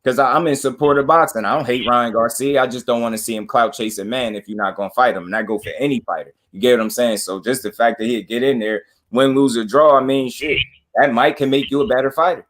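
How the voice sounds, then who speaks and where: A man's voice: mid-range voice, fast, fairly bright tone. A man hosting a casual panel chat, talking boxing in a slangy, opinionated way. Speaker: boxing show host.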